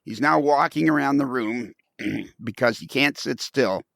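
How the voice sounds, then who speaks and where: A man's voice: medium pitch, unhurried, vocal fry, a bit bright, no echo. A man hosting a podcast, joking and rambling with many restarts and fillers. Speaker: podcast host. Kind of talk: comedic casual podcast banter.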